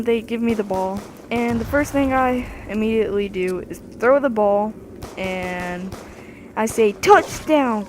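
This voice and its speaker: A male speaker casually telling a rambling, animated story about his childhood while someone plays a video game. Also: high voice, a little hiss or hum. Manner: rambling, animated, with lots of "anywho". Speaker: storyteller over gameplay.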